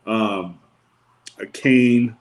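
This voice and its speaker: A man with a fairly low voice is a guest on a podcast, telling a story from his bodyguard days. He takes it slowly and casually, with a wry, deadpan humor, and acts out the lines of the people in the story. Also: rough recording. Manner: laid-back, wry storyteller who acts out quotes. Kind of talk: storytelling anecdote in casual chat.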